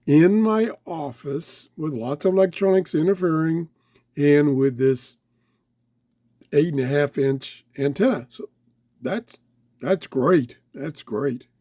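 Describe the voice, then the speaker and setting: Guy going hoarse, kinda high raspy voice, gets excited tuning a radio in his office. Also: takes it slowly, no room sound. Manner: chatty, easily excited, talks while fiddling. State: losing his voice, throat-clearing. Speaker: radio reviewer. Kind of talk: casual hands-on product review. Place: home office full of electronics.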